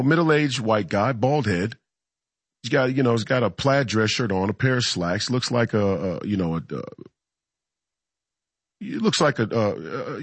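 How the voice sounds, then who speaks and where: Husky, animated man telling a heated story. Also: medium pitch, no room sound. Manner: fiery, repeats phrases, frequent restarts and stammers. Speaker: political commentator.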